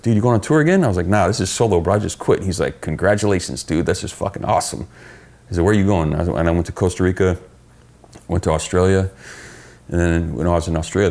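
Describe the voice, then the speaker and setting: Gravelly deep-voiced man telling stories. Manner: profane, animated storyteller acting out quoted dialogue. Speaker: podcast guest. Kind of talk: casual storytelling chat.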